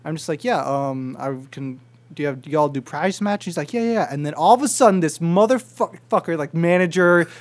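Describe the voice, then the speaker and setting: Animated young man telling a story. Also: on the high side, normal speed. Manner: animated storytelling, swears freely. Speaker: podcast co-host. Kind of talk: casual chat.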